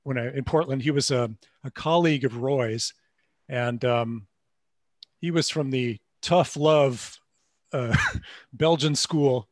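A man's voice: mid-range voice, slow pace, pauses often, no echo. Man, hesitant, lots of ums, video call, dry sound. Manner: hesitant, many ums, storytelling. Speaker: musician guest. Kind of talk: casual video call chat.

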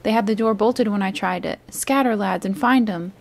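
A woman voicing a blind, furious old male pirate beggar who shouts commands and curses his crew. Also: medium pitch, normal speed, gravelly. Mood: enraged.

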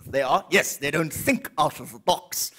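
A South African ventriloquist voicing a flamboyant, camp male puppet who calls everyone darling, with a raspy voice, performing live on a comedy stage. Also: on the high side, moderate pace, fairly bright tone, voice pushed down. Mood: camp teasing. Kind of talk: stand-up ventriloquism.

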